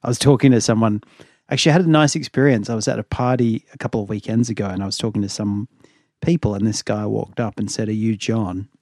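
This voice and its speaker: A man co-hosting a podcast, his voice sitting a bit low with a slight rasp from a long day. He rambles and laughs easily. The sound is dry and close to the mic. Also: steady tone, fast talker, a little mellow, dry recording. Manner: chatty, rambling, laughs often. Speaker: podcast co-host. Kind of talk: casual chat.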